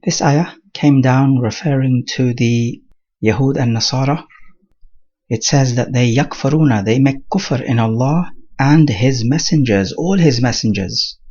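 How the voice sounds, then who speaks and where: A man teaching a Quran commentary lesson in a measured, explanatory way, with Arabic terms mixed into his English. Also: medium pitch, a little mellow, highs cut off.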